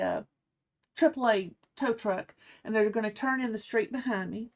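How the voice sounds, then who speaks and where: A middle-aged woman telling a personal story in a casual way, acting out the people she quotes. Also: medium pitch. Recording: slightly muffled, dull sound.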